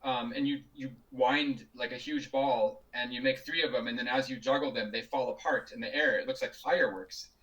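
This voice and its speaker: A man's voice: medium pitch, fairly even intonation, moderate pace, few pauses, a bit bright, distant mic, dull audio. A man being interviewed over a video call, telling stories casually with frequent laughs and restarts. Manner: chatty, laughs often, many restarts. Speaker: juggler and guest.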